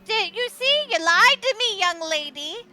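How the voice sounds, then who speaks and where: A woman voicing a fussy, suspicious male goblin who sells tickets at a carnival, talking in a drawn-out scolding manner. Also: very high-pitched, expressive, over loud music, pitched above the performer's own voice. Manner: drawn-out scolding, calls players "young lady".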